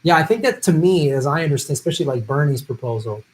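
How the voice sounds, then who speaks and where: A man's voice: fairly high pitch, animated, quick pace, a little mellow, low-quality recording. A man hosting a political commentary livestream, chatting casually and profanely while he reads viewer comments from a home setup. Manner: loose, profane, conversational. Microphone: earpiece with improvised audio setup.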